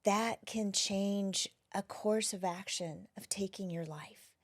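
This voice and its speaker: A woman who is a wellness practitioner, talking gently and reflectively as an interview guest, often dropping to a soft near-whisper. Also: medium pitch, takes it slowly. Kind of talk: casual interview conversation.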